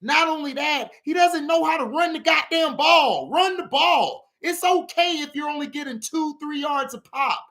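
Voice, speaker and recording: In a casual sports vlog, a man rants animatedly about football, laughing often and shouting to make his points. His voice is very high-pitched, and he talks at a normal speed with few pauses.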